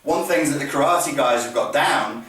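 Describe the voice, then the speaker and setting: A man's voice: medium pitch, normal speed, fairly bright tone. A middle-aged man, a martial arts instructor, teaching a demonstration lesson in a blunt and profane way. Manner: blunt and profane, swears freely. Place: training hall. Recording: very echoey hall, mic far off.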